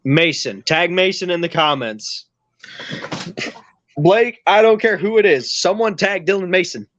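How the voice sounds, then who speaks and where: A man's voice: high voice, expressive, measured pace, fairly bright tone, highs cut off, a little hiss or hum. A man hosting a podcast, telling a long story in casual chat with a rambling, teasing manner. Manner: rambling, teasing, restarts a lot. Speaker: podcast host.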